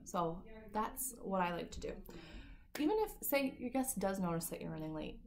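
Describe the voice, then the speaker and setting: A woman's voice: lowish voice, very animated, moderate pace, vocal fry, a crowd in the background. A woman working as a beauty industry coach, giving a casual, upbeat talk to camera with lots of "like" and "kinda". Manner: chatty and upbeat, full of "like" and "kinda".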